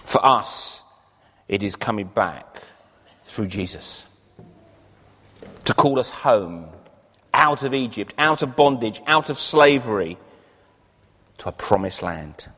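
A man's voice: fairly low pitch, lively intonation, slow, long pauses, fairly bright tone. A man preaching a sermon earnestly, lifting his voice on key phrases. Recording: long reverb of a large hall.

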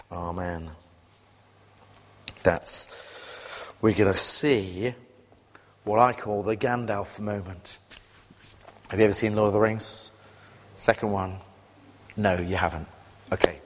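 A man preaching a lively sermon to a congregation, telling stories with sudden loud excited bursts. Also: fairly low pitch. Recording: long hall reverb.

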